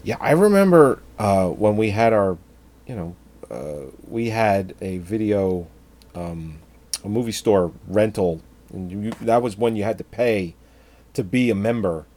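A man co-hosts a casual movie podcast. His voice sits low but swings widely in pitch as he acts out scenes and laughs. He rambles through memories in a relaxed, chatty way. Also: a little slow. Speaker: podcast co-host. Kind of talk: casual movie review chat.

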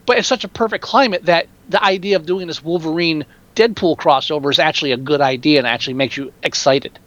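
A man chatting casually about movies, excitable and swearing freely. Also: on the high side, fast, no echo, highs cut off.

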